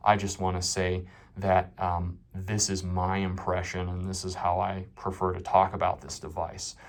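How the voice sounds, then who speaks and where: A man's voice: low voice, completely flat delivery, moderate pace. A man hosting his own tech channel, giving a candid, unscripted phone review with a self-deprecating, off-the-cuff manner.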